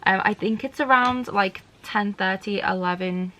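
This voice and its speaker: A woman's voice: medium pitch, moderate pace, noisy background. A woman book vlogger chatting casually to camera, rambling a little and often saying "like". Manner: chatty, rambling, frequent "like" fillers. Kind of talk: casual vlog chat to camera. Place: indoors at a bookstore on a break.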